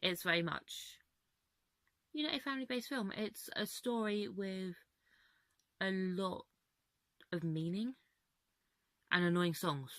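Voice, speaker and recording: A woman's voice: medium pitch, slow pace, pauses often, fairly bright tone, no echo. A young woman vlogging from home in a casual, rambling, candid way, laughing often, with her voice a little worn. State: voice going. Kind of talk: casual chat to camera.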